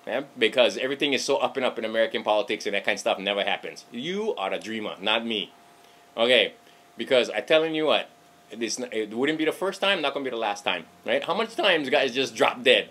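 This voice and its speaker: A man's voice: mid-range voice, lively intonation, a little fast, sharp tone. A man with a Hawaiian Pidgin accent, ranting casually to camera about politics, joking and swearing freely. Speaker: political vlogger.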